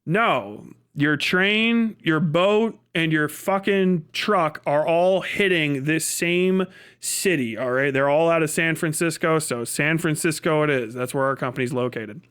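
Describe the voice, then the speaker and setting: Male streamer, profane rant, fast talk, slightly high voice. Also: fairly bright tone, clear, resonant tone. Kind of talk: casual livestream rant.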